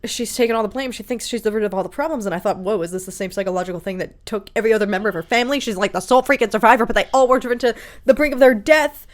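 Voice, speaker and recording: A woman's voice: a little high, rapid-fire, few pauses. A young woman reacting to a horror film for the first time, anxious and jumpy, gasping and muttering. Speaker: movie reaction host. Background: film soundtrack music.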